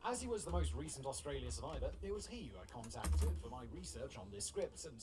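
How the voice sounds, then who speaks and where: A man's voice: medium pitch, sing-song, fast talker, heavy background noise. A man in his thirties hosting, reading a script and breaking off into chatty, wry asides with the odd swear. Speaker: host.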